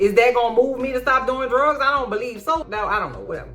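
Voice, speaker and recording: A woman vlogger casually recapping a documentary with sassy, slangy, profane commentary and animated asides. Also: fairly high pitch, fast, soft background music.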